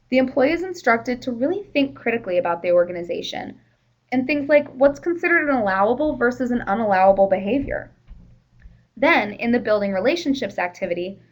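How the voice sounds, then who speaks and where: A woman's voice: on the high side, rough recording. A woman presenting a workplace training session in a conversational, explanatory way, with the odd "you know".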